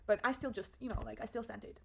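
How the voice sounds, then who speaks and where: A woman's voice: on the high side, steady tone, quick pace, vocal fry, darkish tone, slight background noise, low-quality recording. Candid young woman telling a story. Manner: candid, emotional storytelling with frequent swearing and fillers. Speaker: vlogger. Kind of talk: casual confessional vlog.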